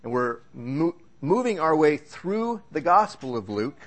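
A pastor preaching to his church, a man whose voice sits a bit higher than most. He talks in an easy, conversational way and tells stories with a joking touch. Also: sing-song, unhurried. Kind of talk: sermon. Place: church service.

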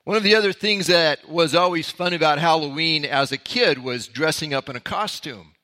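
A man's voice: fairly high pitch, normal speed, pushed and bright. A man, a pastor, giving a conversational Bible teaching that opens with a story from his own life. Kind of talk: sermon-style Bible teaching.

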